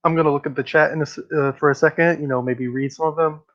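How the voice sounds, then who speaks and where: A man's voice: a little high, fairly even intonation, quick pace, fairly bright tone, lo-fi sound. A man hosting a casual livestream discussion, speaking bluntly and with strong opinions as he reads out comments from the chat. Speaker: livestream host.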